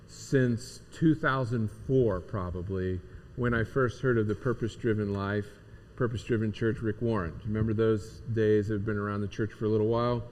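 Casual, teacherly male pastor in a hall. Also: medium pitch. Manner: casual, teacherly, repeats key words for emphasis. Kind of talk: conversational sermon. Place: church sanctuary. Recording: long reverb of a church hall.

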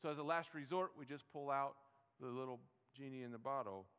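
A man's voice: mid-range voice, brisk, a bit bright, clear, resonant tone. A middle-aged man preaching a sermon in a conversational way, with many rhetorical questions and small restarts. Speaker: pastor. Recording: reverberant hall.

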